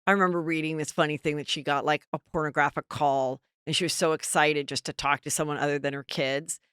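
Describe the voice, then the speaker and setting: A middle-aged woman hosts a podcast in casual, chatty conversation, jumping from story to story. Her voice is low-pitched and smooth, with a clean resonance. The recording is dry and close, with no room sound. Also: steady tone, quick pace, fairly bright tone, dry recording. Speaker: podcast host. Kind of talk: casual chat.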